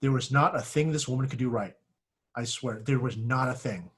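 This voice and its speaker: A male instructor gives a relaxed classroom lecture with a slightly husky, breathy voice. He talks in a loose, filler-heavy way and keeps stopping to clear his throat. His pitch sits in an ordinary middle range. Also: moderate pace. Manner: self-correcting, searches for words. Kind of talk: classroom lecture on giving feedback.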